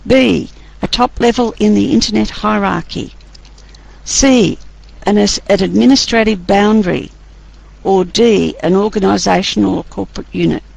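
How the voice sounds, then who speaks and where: A woman's voice: medium pitch, vocal fry, rough recording. A woman lecturing a class, running a chatty, teasing quiz and laughing often.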